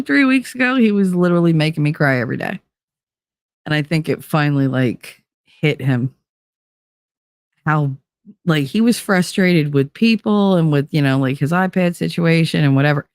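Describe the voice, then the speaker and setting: A woman in her forties hosting a show, telling personal stories casually and acting out the quotes with big jumps in pitch. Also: a little mellow, dry recording, studio quality. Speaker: podcast host. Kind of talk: casual storytelling monologue.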